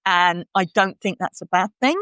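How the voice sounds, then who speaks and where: A woman's voice: fairly low pitch, moderate pace, a bit bright, clear, resonant tone, no room sound. A woman co-hosting a podcast in casual chat, acting out her inner voice in little quoted scenes. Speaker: podcast co-host.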